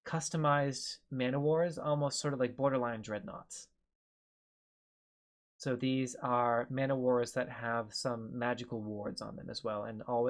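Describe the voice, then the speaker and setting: Sex: man. Figure: man putting on a proud naval captain. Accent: put-on French. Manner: formal, halting. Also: medium pitch, close to an everyday voice. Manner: formal, halting, with many fillers.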